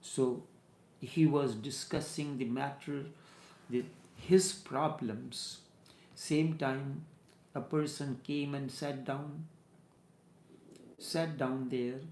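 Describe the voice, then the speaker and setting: A man, a spiritual teacher giving a discourse full of stories, speaking in a measured way and repeating phrases for emphasis. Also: medium pitch, steady tone, vocal fry, a little mellow. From Trinidad. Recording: roomy echo.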